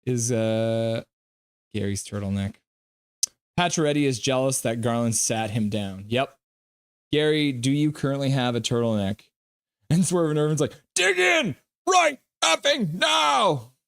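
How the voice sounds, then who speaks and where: His mid-range voice is clean and darkish, moving at a moderate pace. Hosting a live stream, he does casual hockey play-by-play and jokes with chat between play calls.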